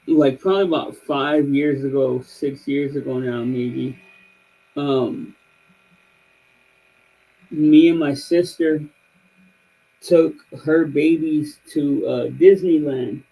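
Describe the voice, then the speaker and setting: A man's voice: a little high, slow pace, long pauses, dark tone, husky, low-quality recording. A man in his thirties on a livestream, rambling through a story with lots of fillers and restarts. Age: 30s. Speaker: streamer. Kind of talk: casual chat.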